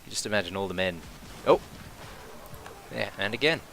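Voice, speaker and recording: Let's-play commentator: man, bright, excitable, casually profane, thinks aloud. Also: on the low side, moderate pace, a little hiss or hum. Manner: swears casually. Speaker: gameplay commentator.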